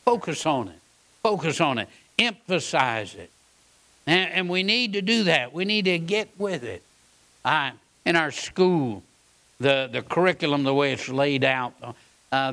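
A pastor who also teaches at a Bible college preaches a sermon in a folksy, emphatic way, repeating his points and asking "all right?". His voice is a little high with a sharp tone.

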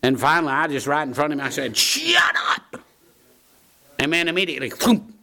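A man's voice: a little high, very fast, gravelly, bright, forceful tone. Folksy preacher man. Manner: folksy, repeats key phrases for emphasis. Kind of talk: sermon.

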